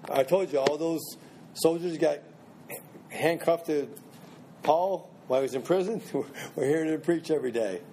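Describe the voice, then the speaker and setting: Man, Bible study teacher, mellow tone, conversational, restarts phrases, faint background hum. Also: on the high side, moderate pace. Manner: conversational, repeats and restarts phrases, asks the group questions.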